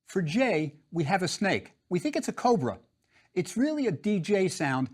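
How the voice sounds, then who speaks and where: A man's voice: high-pitched, big pitch swings, normal speed. A man teaching a drawing lesson, patient and step by step, repeating each instruction.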